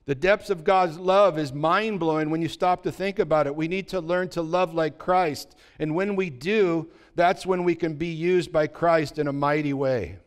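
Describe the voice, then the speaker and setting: A man's voice: fairly high pitch, normal speed, hardly any pauses, smooth. A pastor preaching a sermon, asking his congregation rhetorical questions and telling a story with acted-out dialogue. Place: church.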